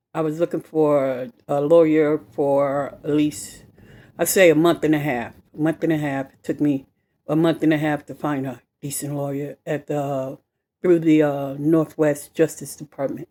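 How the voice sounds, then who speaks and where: A woman telling a personal story to camera in an animated, emphatic way, swearing freely and repeating herself. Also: low-pitched, unhurried. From west side of Chicago. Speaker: vlogger.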